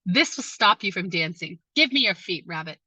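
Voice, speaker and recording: A woman's voice: on the low side, expressive, normal speed, pushed and bright, husky, dry recording, distant mic, exaggerated voice. A woman voicing a determined male deer on an animal council, making insistent demands. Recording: dull lo-fi sound.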